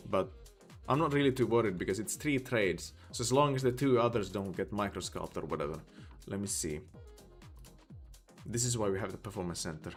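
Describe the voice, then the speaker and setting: A man from Sweden with a Swedish accent, chatting casually on a live stream, rambling with lots of fillers as he thinks aloud. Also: on the low side. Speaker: livestreamer.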